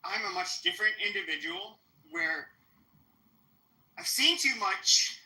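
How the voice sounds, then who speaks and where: Sharp, taunting man ranting on a podcast. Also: sits high, very animated, unhurried, vocal fry. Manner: profane, taunting, repetitive. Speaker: podcast host. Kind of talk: confrontational live-stream rant. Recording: roomy echo.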